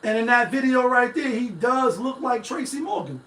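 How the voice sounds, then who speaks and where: A man with a high-pitched voice holds forth on his live stream in loose, rambling commentary. He swears freely and talks straight to his viewers. His voice bounces around an echoey room from a mic set some way off. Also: animated, moderate pace, fairly bright tone, far from the mic. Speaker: live-stream show host. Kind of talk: casual commentary.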